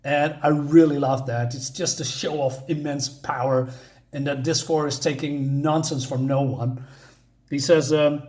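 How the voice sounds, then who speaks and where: Male comic reviewer, eager and rambling, voice on the higher side, echoey room. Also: steady tone, a little slow, a little mellow. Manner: enthusiastic, rambling with many restarts. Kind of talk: casual review vlog.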